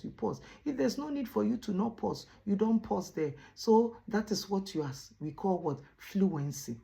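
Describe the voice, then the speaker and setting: A woman teacher giving a classroom lesson, stressing points by repeating words and pausing on "what?" for the class to finish her sentences. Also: fairly low pitch, vocal fry, warm tone. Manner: asks rhetorical "what?" prompts for the class to finish.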